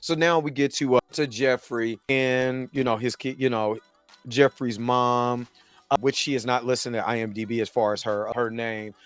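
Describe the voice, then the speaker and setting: Casual recap host with dry sound. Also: male voice, mid-range voice, normal speed, clean tone, dry recording. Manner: conversational, full of "you know what I mean", animated retelling. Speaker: show host reviewing a TV episode.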